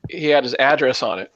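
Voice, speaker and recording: A man's voice: fairly high pitch, a bit bright, highs cut off. A man hosting a podcast in casual chat, telling a story in a laid-back way and chuckling. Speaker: podcast host.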